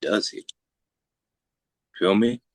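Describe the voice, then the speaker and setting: Drawing out his words on a dry recording, a man tells a long personal story in casual talk. He is animated, swears freely, and acts out the voices of the people in it.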